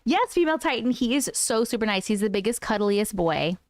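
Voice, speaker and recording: A woman's voice: a little high, expressive, fairly quick, no echo. A woman in her thirties hosting a casual live stream, chatting with viewers and laughing often.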